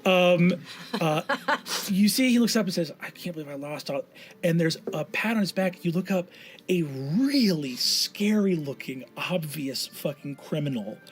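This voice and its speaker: A man narrating a tabletop game as game master, animated and shifting between characters. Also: high-pitched, measured pace.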